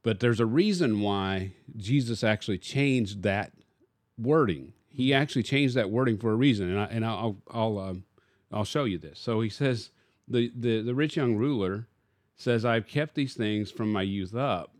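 A man's voice: fairly low pitch, normal speed, no echo. A man, a pastor, teaching casually in a discussion and posing rhetorical questions to his listener.

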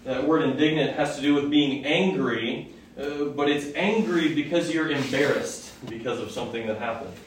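Here a male preacher speaks at normal speed in a mid-range voice, giving a conversational teaching sermon that asks questions of the audience. It's captured from a distance in a hall with heavy echo and faint background noise.

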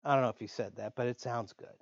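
A man preaching a sermon in an earnest way, slowing down to stress key words. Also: medium pitch, fairly even intonation, no room sound. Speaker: pastor. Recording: dull lo-fi dry sound.

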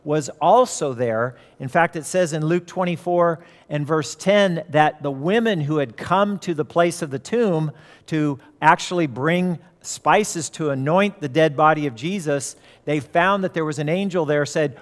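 A man with a fairly high voice speaks unhurriedly in a large room. He's a pastor delivering a sermon, telling stories and acting out the voices of the people he quotes.

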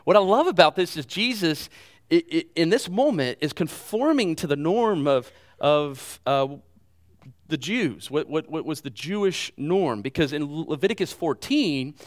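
A middle-aged man preaching a sermon as pastor, animated, with loud bursts and repeated words. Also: a little high.

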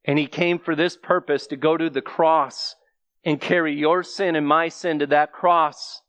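A man's voice: fairly high pitch, steady tone, measured pace, a bit bright, clean tone, dry recording. A man preaching a sermon, speaking earnestly and emphatically straight to his listeners.

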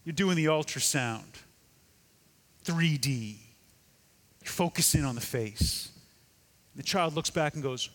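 A male pastor preaching a sermon emphatically, often dropping into a hush for effect. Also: on the high side, lively intonation, slow, long pauses, big-room sound. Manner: emphatic, dramatic drops to a hush.

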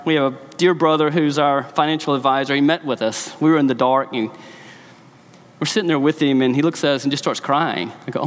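A man's voice: a little high, in a large hall. A man, a pastor, preaching a sermon in a church, telling the story with emphasis.

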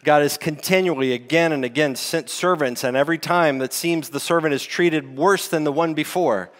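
A man's voice: on the high side, normal speed. A man preaching a sermon as lead pastor, teaching in a conversational way with rhetorical questions. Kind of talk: expository sermon. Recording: long hall reverb.

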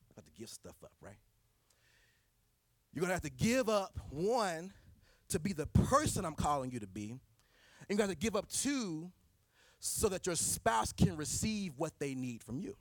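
A man's voice: fairly high pitch, sing-song, moderate pace, long pauses, no echo, studio quality. A man preaching a sermon, driving points home with repeated rhetorical questions.

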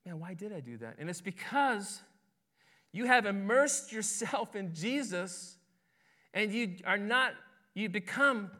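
The preacher is a man acting as pastor, his voice high-pitched, bright and forceful. Conversational throughout, he repeats words and often checks in with listeners by asking "right?"

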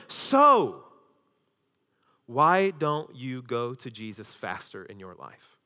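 A man preaching a sermon as pastor, swinging between loud emphasis and hushed intensity. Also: mid-range voice, wildly swooping pitch, takes it slowly, clean tone. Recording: long hall reverb.

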